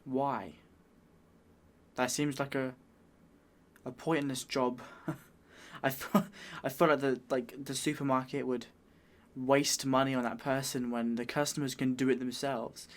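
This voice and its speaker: A man's voice: medium pitch, level tone, unhurried. A British man hosting a reaction video, chatting in a bemused, rambling way. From United Kingdom. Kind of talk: casual reaction commentary.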